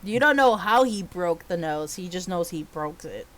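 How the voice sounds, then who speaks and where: A woman's voice: lowish voice, lively intonation, normal speed, fairly bright tone. Casual woman game master. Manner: casual, filler-heavy. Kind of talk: narrating a tabletop game.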